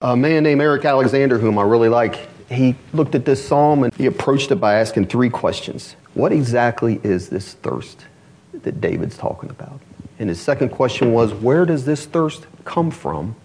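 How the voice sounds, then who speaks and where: A male pastor preaching a sermon, reading quotations slowly and rising in emphasis on key phrases. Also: mid-range voice, expressive, darkish tone. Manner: reads quotations aloud slowly and deliberately.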